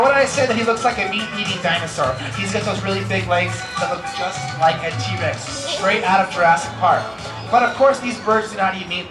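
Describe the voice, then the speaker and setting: A high-voiced American man running a live educational bird show, coaxing and teasing his volunteers in a playful way. His voice carries in a roomy, echoing space, and music runs clearly beneath him. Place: outdoor amphitheater stage.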